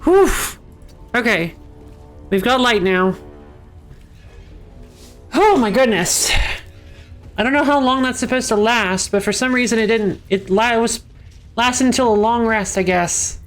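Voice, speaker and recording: A woman's voice: a little high, animated, unhurried, long pauses, soft background music. A woman streaming a video game, chatting casually and muttering annoyed asides to herself. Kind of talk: casual gameplay commentary.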